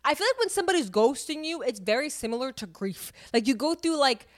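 This twenty-something podcast co-host talks fast in a high, sing-song voice. She shares a personal story candidly and chattily, with lots of fillers and vivid detail.

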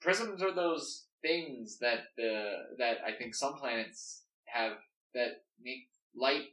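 A man's voice: mid-range voice, takes it slowly, pushed and bright. A man talking through a story plan casually, rambling and filling gaps with "like". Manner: rambling, full of "like". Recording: echoey room, mic at a distance.

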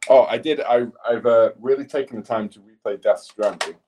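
Husky man, sweary chat. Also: mid-range voice, brisk, dark tone. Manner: sweary, rambling storytelling. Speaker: podcast co-host. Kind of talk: casual chat.

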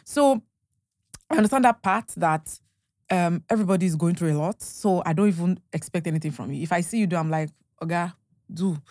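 A woman's voice: lowish voice, a little fast, a little mellow, no echo, studio quality. A young Nigerian woman with a Nigerian accent, a podcast guest chatting casually, telling stories animatedly, acting out bits of dialogue and laughing often. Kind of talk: casual storytelling chat.

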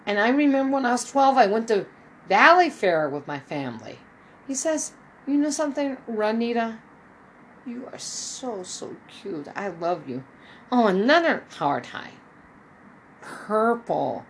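A woman's voice: big pitch swings, measured pace, slight background noise, low-quality recording. A woman in her fifties telling a rambling personal story, acting out the people she quotes. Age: 50s. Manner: rambling, acts out quoted dialogue with shifting pitch. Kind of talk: casual spoken storytelling.

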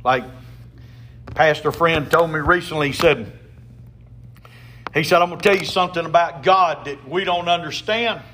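A man's voice: a little high, normal speed, pauses often, pushed and bright, a little hiss or hum. A man preaching a sermon as a pastor, emphatic, with call-and-response to the congregation.

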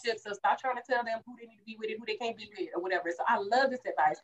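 A woman's voice: fairly high pitch, very fast, lo-fi sound. A woman co-hosting a podcast, chatting casually and acting out characters' lines as she recaps a show. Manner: animated, acts out characters' lines. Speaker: podcast co-host.

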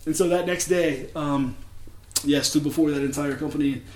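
A man's voice: fairly high pitch, steady tone, moderate pace, echoey room, noisy background. Earnest man telling a church testimony. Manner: earnest, laughs often, drops quiet when emotional. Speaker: church speaker. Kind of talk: personal testimony.

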